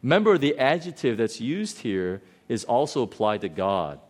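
A man preaching a sermon in a conversational, storytelling way, swinging between loud outbursts and quiet, low passages. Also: sing-song, moderate pace. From lives in Hong Kong. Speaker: pastor.

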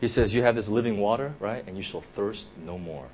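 A man preaching a sermon, asking "right?" often and swinging from loud, emphatic lines to hushed, intimate ones. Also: lowish voice, a little fast, breathy edge. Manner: animated, rises loud then drops to near whispers, frequent "right?".

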